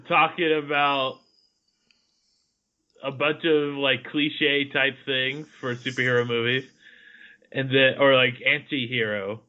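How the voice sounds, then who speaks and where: Slow, bright-voiced young man, lo-fi sound. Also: mid-range voice, flat delivery. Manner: hesitant, laid-back, laughs a lot. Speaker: podcast co-host. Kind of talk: casual chat. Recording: dull lo-fi audio.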